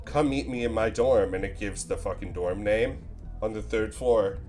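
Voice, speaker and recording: A man's voice: fairly low pitch, normal speed, darkish tone, soft background music. A young man streaming, telling a rambling, profane, self-deprecating story in a casual way into a desk mic.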